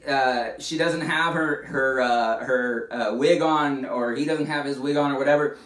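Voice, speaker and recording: A man preaching a sermon as a pastor, conversational and animated, often restarting his phrases. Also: medium pitch, unhurried. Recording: echoey room, distant mic.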